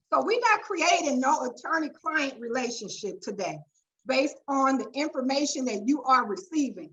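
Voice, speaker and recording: A woman's voice: high voice, low-quality recording. A woman hosting a webinar, chatty and colloquial. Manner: chatty, warm asides and colloquial "y'all". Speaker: webinar host and attorney. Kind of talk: lively webinar introduction.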